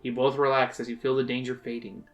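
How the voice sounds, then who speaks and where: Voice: mid-range voice, little pitch movement, quick pace, muffled recording, soft background music. A podcast host reading a choose-your-own-adventure book aloud, dramatic and playful. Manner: dramatic reading that breaks into laughs and jokes.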